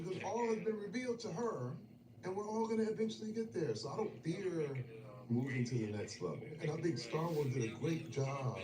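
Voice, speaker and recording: A man telling personal stories in a casual chat over a meal, emotional and animated, dropping to murmurs and rising to loud bursts. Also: medium pitch. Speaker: guest. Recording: echoey, distant, noisy room.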